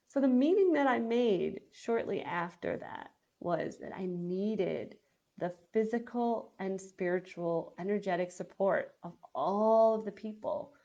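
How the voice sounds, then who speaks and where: A woman's voice: mid-range voice, creaky, a little mellow, muffled recording. A woman hosting a show, telling a personal story in a chatty way with lots of "like" fillers. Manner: chatty, heavy use of "like" fillers. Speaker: podcast host.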